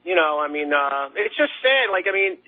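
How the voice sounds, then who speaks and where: A man's voice: on the high side, big pitch swings, moderate pace. A man calling in to a radio talk show, rambling and stammering with repeated words. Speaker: caller. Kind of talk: phone-in talk. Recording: tinny phone line.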